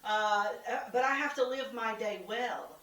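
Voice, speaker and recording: A woman giving a relaxed devotional talk, her voice a touch higher than most. She chats with easy humor, pokes fun at herself and urges listeners on directly. The room sounds echoey and she is a bit off the mic. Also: measured pace. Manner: chatty and humorous, laughs at herself; encouraging, speaks straight to listeners. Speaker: devotional host. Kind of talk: casual weekly devotional talk. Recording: roomy, from a distance.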